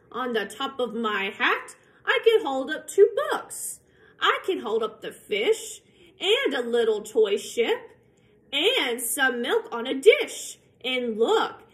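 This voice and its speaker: A woman voicing a playful, showy male cat trickster in a storybook read-aloud, with a slow, sing-song, boastful delivery. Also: sits high, exaggerated voice.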